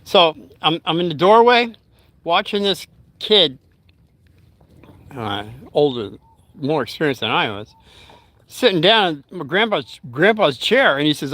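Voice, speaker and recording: A man's voice: a little high, animated, unhurried, long pauses, fairly bright tone, dry recording. An older man telling a rambling story to his live chat, stopping to talk to his dog. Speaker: vlogger. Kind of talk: casual storytelling livestream.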